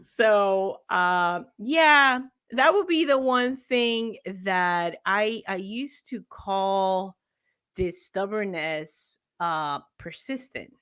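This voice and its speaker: A woman's voice: mid-range voice, very slow, a bit bright, smooth. A woman co-hosting a casual morning talk show over a video call. She tells a long personal story, laughs often and acts out the other people in it. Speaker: co-host.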